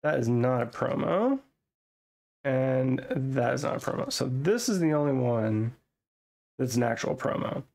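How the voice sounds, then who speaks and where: A man casually chatting and thinking aloud as he opens trading card packs at a home desk setup, getting excitable over his pulls. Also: medium pitch, unhurried, vocal fry. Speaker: card-opening vlogger. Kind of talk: casual unboxing chat.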